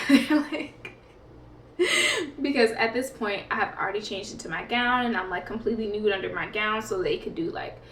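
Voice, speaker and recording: A woman's voice: mid-range voice, slight background noise. A woman vlogger telling a story in a rambling, chatty way, full of fillers and laughs. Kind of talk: casual storytime. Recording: echoey room, mic at a distance.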